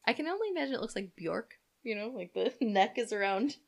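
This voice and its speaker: A woman's voice: mid-range voice, big pitch swings, quick pace, gravelly. A woman co-hosting a podcast, telling a story in chatty, giggly casual talk. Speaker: podcast co-host.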